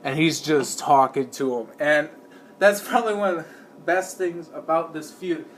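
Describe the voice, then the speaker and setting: A man's voice: a little high, normal speed, slight background noise. A man giving casual commentary in a rambling way, full of fillers, and acting out the people he describes. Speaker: video creator.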